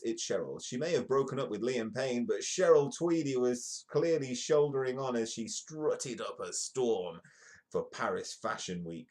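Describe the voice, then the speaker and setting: A man's voice: medium pitch, normal speed, a little mellow. A man hosting a comedic live news show, reading newspaper stories aloud and breaking off for jokey asides. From United Kingdom. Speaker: host.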